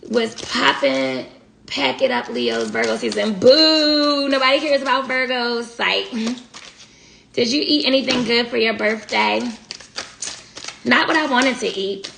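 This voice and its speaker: A woman's voice: on the high side, lively intonation, a little slow, creaky, a bit bright. A woman giving a casual live tarot reading, blunt and slangy, talking straight to her viewers. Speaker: tarot reader. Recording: echoey room, faint noise.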